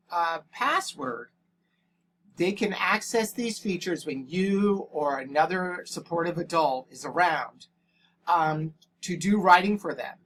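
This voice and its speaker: A male English language arts teacher records an on-screen tutorial through a headset microphone, dictating punctuation aloud in a plain, matter-of-fact way. His voice is high-pitched and a bit bright, with slight background noise.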